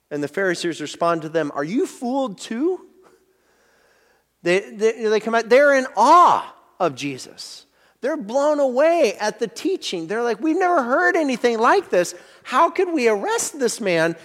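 A man with a high voice preaches a sermon in a hall with a long reverb. He talks through the passage in a relaxed, conversational way, often restarting his sentences. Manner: explanatory, conversational teaching with many restarts. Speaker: pastor.

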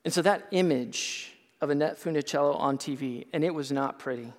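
A male pastor telling a personal testimony in a sermon, earnest and storytelling, rising at times to loud impassioned outbursts. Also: on the high side, a little fast. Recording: long hall reverb.

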